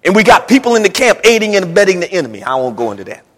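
High, lively preacher with a husky edge. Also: male voice, very fast. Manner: emphatic, repetitive, builds to shouting. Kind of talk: sermon. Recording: long church reverb.

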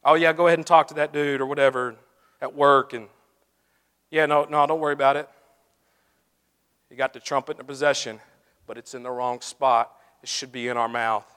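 Animated preacher in a reverberant hall. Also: male voice, medium pitch, fairly quick, pauses often, clear, resonant tone. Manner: animated storytelling, swings from loud to hushed. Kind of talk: sermon with closing prayer.

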